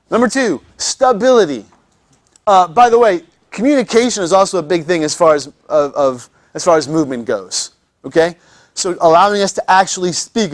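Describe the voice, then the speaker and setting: A man with a somewhat high voice lectures on anatomy to a classroom, breaking into jokes and stumbling over repeated words. The sound is dry and close. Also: no room sound. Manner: joking, many restarts and repeated words. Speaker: anatomy teacher.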